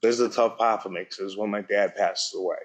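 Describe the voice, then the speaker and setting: Middle-aged man with a lowish voice, halting and earnest, giving personal testimony at a forum. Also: steady tone. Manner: plain-spoken, halting, earnest storytelling. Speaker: speaker at a public forum. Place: university event hall.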